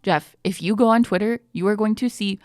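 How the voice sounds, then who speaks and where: A woman's voice: mid-range voice, fairly quick, darkish tone, dry recording, clean studio sound. Chatty woman sports podcast co-host. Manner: chatty, lots of "like" fillers, upbeat fan talk. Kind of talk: casual sports chat.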